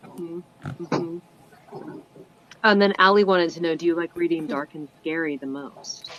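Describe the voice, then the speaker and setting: A woman host and fellow narrator reading out audience questions in a relaxed, chatty way. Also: lowish voice, a little slow, slight background noise. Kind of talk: casual interview. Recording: muffled lo-fi audio.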